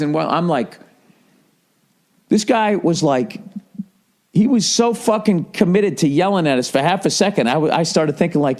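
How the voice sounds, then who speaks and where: A man's voice: sits high, big pitch swings, normal speed, darkish tone. A male comedian and podcast host telling a story in a casual monologue, profane, ranting and incredulous.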